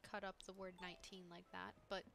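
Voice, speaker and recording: Over background game music and general noise, a young female gaming host giggles frequently while chatting with viewers mid-play. She talks fast in a fairly low, gravelly voice with a level tone.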